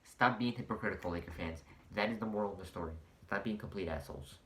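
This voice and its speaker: A man giving a profane, exasperated sports rant as the host of a vlog, mocking opposing fans and breaking into shouted outbursts. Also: deep voice, fast, a little hiss or hum. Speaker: sports commentator. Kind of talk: ranting vlog monologue.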